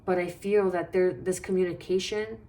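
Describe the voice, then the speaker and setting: A woman's voice: lowish voice, fairly even intonation, moderate pace, warm tone. A woman giving a casual tarot reading, talking in a meandering, reassuring way and thinking aloud as she goes. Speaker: tarot reader.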